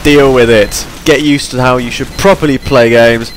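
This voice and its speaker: Tired guy chatting away over his gameplay, mid-pitched voice, bit of hiss behind him. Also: steady tone, moderate pace. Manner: rambling, chatty, self-deprecating. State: tired and yawning. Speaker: gameplay commentator. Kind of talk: casual gameplay commentary.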